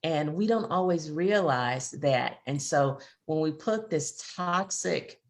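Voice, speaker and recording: A woman's voice: deep voice, expressive, slow pace. A middle-aged woman co-hosting a faith-based chat, speaking earnestly and reflectively, often repeating words as she finds them. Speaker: podcast co-host and grief expert.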